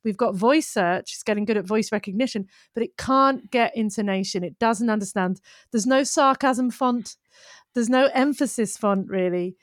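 A woman copywriter speaking as a podcast guest, with a fairly high voice. She is opinionated and emphatic, pressing her points with energy. The recording is close and dry. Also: moderate pace, dry recording. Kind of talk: casual conversation.

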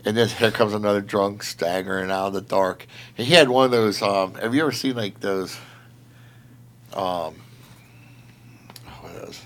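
A man with a lowish voice speaks at a moderate pace, leaving long pauses. He's telling a patrol story in casual chat, rambling with many fillers, animated and laughing as he tells it.

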